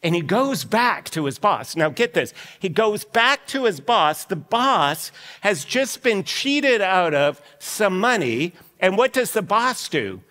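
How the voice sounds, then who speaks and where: A man preaching a sermon as lead pastor in an animated, conversational storytelling way. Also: high voice, slow pace, hardly any pauses. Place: church sanctuary. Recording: long reverb of a church hall.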